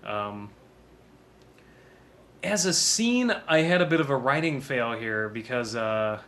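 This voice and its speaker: A man's voice: mid-range voice, expressive, takes it slowly, a bit bright. A man giving a casual DVD commentary on his own film, rambling and self-deprecating and laughing often.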